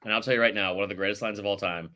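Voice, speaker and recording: A man's voice: lowish voice, steady tone, very fast, noisy background. A man hosting a casual sports podcast, ranting animatedly and swearing freely. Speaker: podcast host.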